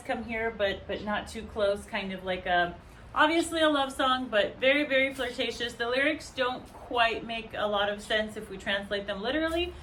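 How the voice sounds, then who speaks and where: A woman's voice: a little high, a bit bright, recorded from a distance, a little hiss or hum. A young woman teaching a dance routine, explaining in a chatty way with fillers and counting the beats aloud as she demonstrates. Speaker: dance instructor. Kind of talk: dance tutorial. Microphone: camera mic from a distance. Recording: roomy echo, voice set back from the mic.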